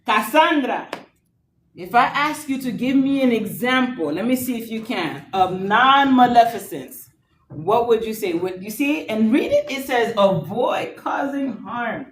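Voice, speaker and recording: A woman's voice: a little high, a little slow. Woman, nursing instructor, classroom lecture, playful and teasing, roomy echo, distant mic. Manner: playful, teasing, lively with students. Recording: echoey classroom from far off, faint noise.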